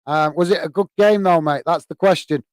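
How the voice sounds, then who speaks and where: Brief: UK man hosting live match chat, smooth voice, dry close mic, halting with fillers. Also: fairly high pitch, darkish tone, dry recording. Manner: hesitant, many fillers, friendly. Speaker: host.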